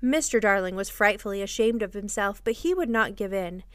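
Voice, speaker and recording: A woman host reading a children's classic aloud in an expressive, measured storybook style. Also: mid-range voice, clean tone, dry recording, studio quality. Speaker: podcast host and reader. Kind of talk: storybook narration.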